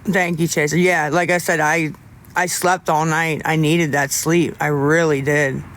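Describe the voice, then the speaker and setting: Guy rambling to his chat on a live stream, kinda high voice, stops and restarts a lot. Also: level tone, fairly bright tone, slight background noise. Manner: rambling and halting, lots of restarts, candid. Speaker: livestreamer talking to viewers. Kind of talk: casual livestream chat.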